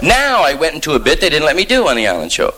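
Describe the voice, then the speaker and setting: A man doing a stand-up monologue, talking in hip slang and riffing with sudden jumps in pitch. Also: wildly swooping pitch, fast talker, very noisy. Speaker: stand-up comedian.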